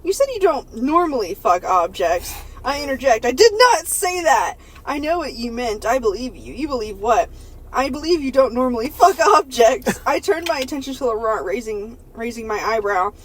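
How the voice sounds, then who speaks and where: A woman's voice: fairly high pitch, animated, normal speed, breathy edge, poor audio. A woman podcast host reading an erotic novel aloud for laughs, stumbling over words and breaking into giggles.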